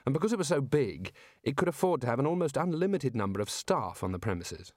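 A man narrating a comic fantasy audiobook with a dry, measured comic delivery. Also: medium pitch, very animated, darkish tone, no room sound. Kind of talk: scripted narration.

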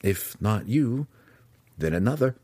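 A man doing an earnest dark elf warrior. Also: low voice, sing-song, moderate pace, breathy edge, dry recording, full character voice. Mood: intense.

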